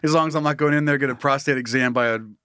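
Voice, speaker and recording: A man's voice: medium pitch, rapid-fire, a bit bright, smooth, no room sound, studio quality. Giggly man riffing on a podcast. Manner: laughs often, acts out silly voices. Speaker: podcast co-host. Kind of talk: casual comedic chat.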